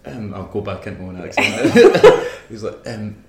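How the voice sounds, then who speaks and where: A man's voice: mid-range voice, very animated, a little fast, few pauses, a little mellow. Laughing Scottish man in a roomy space. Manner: rambling, laughs often while telling stories. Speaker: musician guest. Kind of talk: casual interview chat. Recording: roomy echo.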